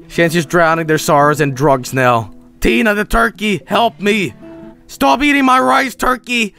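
A young man streaming a game, swearing and sarcastic, swinging between yelling and low mumbles. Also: takes it slowly, gravelly, soft background music.

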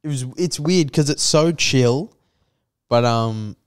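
A man's voice: medium pitch, slow pace, clean tone. A man with an Australian accent, a podcast host telling a crude, profane story in casual chat and acting out the quotes.

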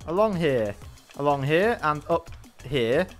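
Gaming host, somewhat high voice, animated self-mocking play-by-play, faint game music behind. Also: male voice, slow. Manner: excitable, self-mocking running commentary. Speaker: gaming YouTuber. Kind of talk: gameplay commentary.

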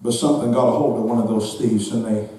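A man preaching a sermon as pastor in a church, his fervent delivery swinging into shouted, sing-song peaks. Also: mid-range voice, fairly even intonation, fast talker. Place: church sanctuary. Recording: echoey hall from far off.

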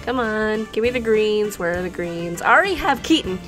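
A young woman YouTuber giving excitable, giggly commentary while summoning in a gacha game, pleading with it for the character she wants. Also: mid-range voice, a little fast, soft background music.

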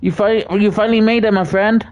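A livestream host from Britain, chatting casually and reading out viewer messages, often stammering and repeating words while giving friendly shout-outs. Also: mid-range voice, steady tone, a little fast, muffled recording.

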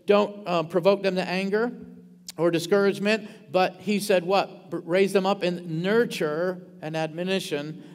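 High-voiced male pastor in an echoing church. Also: moderate pace. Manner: animated preaching with many restarts and audience questions. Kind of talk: sermon. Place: church sanctuary. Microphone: ringing handheld or stage mic.

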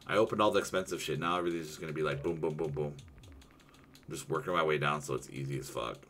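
A man's voice: extremely low pitch, quick pace, fairly bright tone, a little hiss or hum. A young man streaming a video game, ranting heatedly and swearing constantly in casual chat with a friend. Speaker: gaming streamer.

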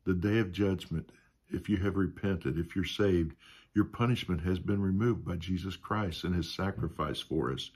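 A man's voice: low voice, normal speed, a little mellow, slightly rough. A man teaching a Sunday school Bible lesson in a conversational way, often adding "you know" and asking the class questions.

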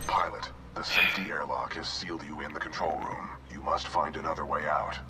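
An actor voicing a calm, formal male combat robot in a video game, over game music. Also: extremely low pitch, brisk, heavy background noise. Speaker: game character.

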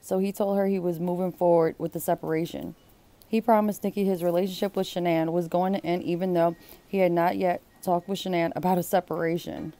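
A woman's voice: fairly low pitch, flat delivery, brisk, dark tone. A woman reading a book aloud and breaking off for blunt, exclaiming comments. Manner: blunt, exclaiming asides between read passages.

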